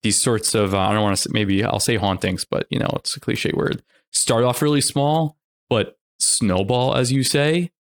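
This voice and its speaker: A man's voice: mid-range voice, normal speed. A man hosting a podcast who reflects on a guest's story, thinking aloud and searching for his words. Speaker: podcast host. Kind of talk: conversational interviewing.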